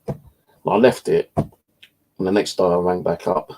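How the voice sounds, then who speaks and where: A man's voice: sits low, steady tone, normal speed, vocal fry, long pauses, darkish tone, rough recording. A British man telling a story in a casual, blunt way, swearing freely as he talks. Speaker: channel host.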